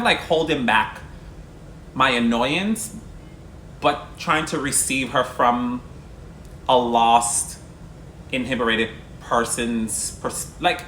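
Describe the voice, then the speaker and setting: A man's voice: mid-range voice, pushed and bright, a little hiss or hum. Earnest man telling a personal story. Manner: earnest, heavy on "like" fillers. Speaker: single father vlogger. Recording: echoey room with faint ambience.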